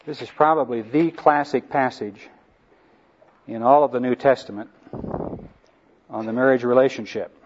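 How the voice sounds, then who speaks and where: A man's voice: mid-range voice, moderate pace, long pauses. A man giving an earnest Bible teaching on marriage to a group, stressing key lines by repeating them. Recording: dull lo-fi recording.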